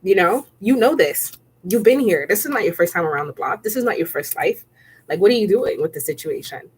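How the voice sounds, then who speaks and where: A woman's voice: lowish voice, animated, fast, slightly rough. A woman giving a casual spiritual tarot reading. She talks in a chatty, repetitive way, keeps checking in with the listener and laughs often. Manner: laughs often while speaking. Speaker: tarot reader.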